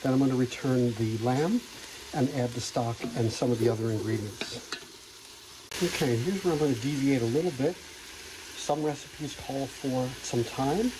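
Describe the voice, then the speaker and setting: A man talks through his cooking step by step in a laid-back, easygoing way. His voice sits at an ordinary middle pitch. Frying food sizzles clearly behind him in a home kitchen. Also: moderate pace. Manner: relaxed step-by-step explaining. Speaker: home cook. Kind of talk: casual cooking narration. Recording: sizzling pan noise behind.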